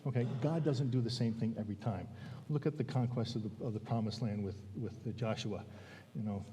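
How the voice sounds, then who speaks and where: Man preaching, chatty style, keeps saying all right, mellow voice, long church echo. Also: medium pitch, far from the mic. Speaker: guest preacher. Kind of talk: sermon. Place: church sanctuary. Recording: long church hall reverb.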